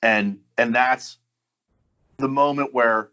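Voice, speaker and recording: A man's voice: mid-range voice, moderate pace, a bit bright, highs cut off. A man, a podcast guest, talking casually and enthusiastically with many restarts and fillers. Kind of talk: casual chat.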